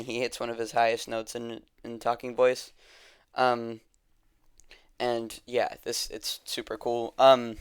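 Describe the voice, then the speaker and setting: A man's voice: mid-range voice, clean tone, no room sound, clean studio sound. A man casually reviewing music in a rambling, enthusiastic way, with lots of ums and restarts. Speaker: music vlogger ranking albums.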